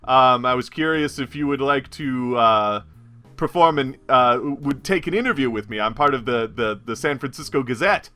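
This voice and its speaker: A man's voice: mid-range voice, animated, normal speed, pushed and bright. A man voicing an eager, nosy male newspaper reporter who fires off pushy questions. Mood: prying.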